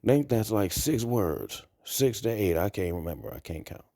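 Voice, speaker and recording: A man's voice: lowish voice, expressive, normal speed, mellow, no echo, studio quality. A man talking to camera in a blunt, crude, rambling monologue. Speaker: vlogger. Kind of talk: casual monologue.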